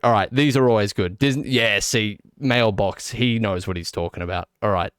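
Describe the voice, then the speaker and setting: A man chatting casually on a live stream, excitable and laughing at his own jokes. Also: lowish voice, normal speed, few pauses, smooth, dry recording, clean studio sound.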